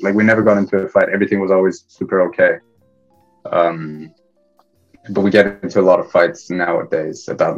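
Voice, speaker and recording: A man's voice: low-pitched, lo-fi sound. A young man from Iran, a podcast guest telling casual, self-deprecating stories with frequent restarts. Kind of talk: casual interview storytelling.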